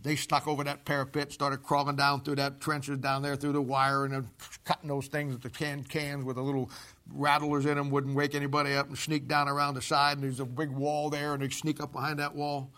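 A man preaching a sermon, telling a Bible story in a folksy, animated way with casual army slang. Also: medium pitch, a little fast.

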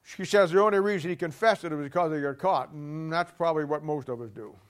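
A man preaching a sermon emphatically, voice dropping low and soft at the ends of points. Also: fast, clean tone. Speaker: pastor.

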